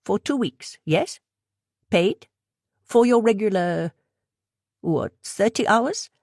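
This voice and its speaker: A woman's voice: medium pitch, lively intonation, creaky, a little mellow, no echo, studio quality, pitched above the performer's own voice, full character voice. Woman doing a clipped, heavily accented shopkeeper. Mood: brisk. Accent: heavy foreign accent, put on. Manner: quick bursts, clipped grammar. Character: Mr. Anand, tall male shopkeeper, brisk.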